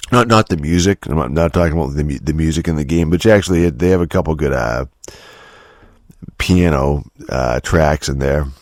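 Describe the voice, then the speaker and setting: A man with an extremely deep voice hosts a solo podcast, rambling through a profane rant full of restarts and filler words. The sound is dry and close, with no room around it. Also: no echo. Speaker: podcast host.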